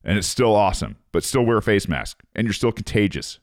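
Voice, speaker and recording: A man's voice: lowish voice, lively intonation, brisk, no echo, clean studio sound. A man, a former Marine, reading an article aloud and ranting over it in a profane, sarcastic casual monologue.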